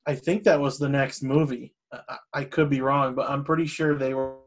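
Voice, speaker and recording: A man's voice: medium pitch, flat delivery, fairly quick. A man co-hosting a casual podcast, hedging his points. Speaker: podcast co-host. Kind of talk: casual chat.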